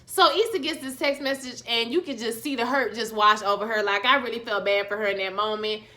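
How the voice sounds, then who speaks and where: A woman with talks through a TV episode recap in a lively, sassy way. Her voice sits high and bright. She exclaims freely and speaks straight to her viewers. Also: brisk. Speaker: YouTube TV recap host. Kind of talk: casual spoken show review.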